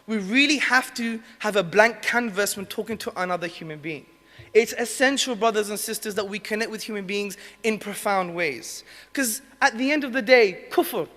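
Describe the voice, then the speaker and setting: A man giving an impassioned religious talk to an audience in a lecture hall, moving between urgent emphasis and soft, emotional tones. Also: very high-pitched. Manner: passionate, emotional, drops to soft intimate tones. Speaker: Islamic speaker. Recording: long hall reverb.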